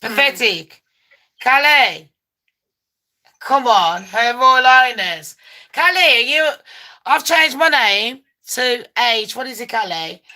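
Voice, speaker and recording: Slow-talking brash woman. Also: on the high side, lively intonation, pushed and bright. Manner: brash, sweary, gossipy. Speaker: host. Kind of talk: casual livestream chat.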